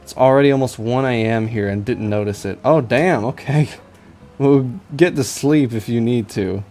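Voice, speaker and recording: A man's voice: mid-range voice, normal speed, warm tone, faint music behind. Rambling young man streaming while drawing. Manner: rambling, self-mocking, stammers with repeated I's. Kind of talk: casual live-stream chat while drawing.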